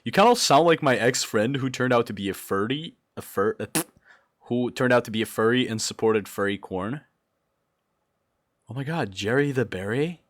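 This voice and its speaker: A young man from Brazil chatting casually on a livestream, excitable and jumping between loud outbursts and low mumbles. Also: moderate pace. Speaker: streamer.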